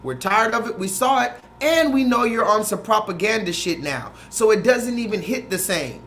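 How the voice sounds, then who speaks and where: A man's voice: sits high, normal speed, slight background noise. A man hosting a livestream, ranting animatedly and reading comments from the chat. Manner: animated, reads chat comments, rants and riffs. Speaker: livestream host. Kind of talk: livestream rant.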